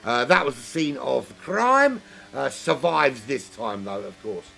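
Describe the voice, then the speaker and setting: A man doing solo live race commentary, rambling and jokey, getting excited at incidents, his voice worn from a long weekend of talking. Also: mid-range voice, a little slow, gravelly, slight background noise. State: losing his voice. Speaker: sim racing commentator.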